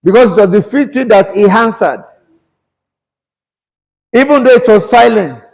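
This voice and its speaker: Pastor preaching in an echoing hall. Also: male voice, high voice, lively intonation, normal speed, gravelly, darkish tone. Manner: preaches with call-and-response questions to the congregation; switches between English and Yoruba. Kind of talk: sermon.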